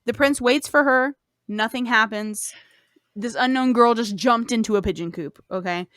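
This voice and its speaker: A woman's voice: fairly high pitch, normal speed, a bit bright, dry recording, studio quality. A woman hosting a podcast, retelling a fairy tale in a casual, profane, rambling way. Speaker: podcast host. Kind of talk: casual storytelling.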